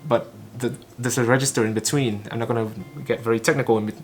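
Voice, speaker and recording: A man works his way through a recorded talk, echoing it in short, clipped phrases. He trips on words and restarts them often, at a middling pitch, with faint music behind him. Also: fairly even intonation. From Vietnam. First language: Vietnamese. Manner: halting, clipped phrases with frequent stumbles and restarts. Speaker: English learner and channel host. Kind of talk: shadowing a recorded talk line by line.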